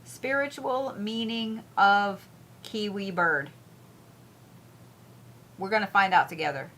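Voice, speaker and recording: A woman's voice: medium pitch, takes it slowly, a bit bright. A woman hosting casual zodiac and crystal reads, blunt and profane, repeating herself as she talks. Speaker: spiritual reader, host.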